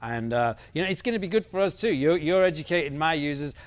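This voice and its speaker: Hesitant, slightly high-voiced male host. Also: animated, fast, clean tone. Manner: friendly, hesitant, many fillers. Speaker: exchange founder and host. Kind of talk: livestream interview chat.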